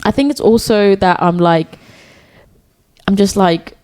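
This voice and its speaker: A woman's voice: medium pitch, a little slow, darkish tone. A woman co-hosting a podcast in casual chat, candid and self-deprecating, laughing often and hesitating with fillers. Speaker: podcast co-host.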